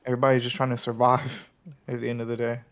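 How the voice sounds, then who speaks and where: A man's voice: medium pitch, level tone, quick pace, natural voice. A man doing a laid-back camp guy. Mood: dismissive. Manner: casual, swears offhandedly.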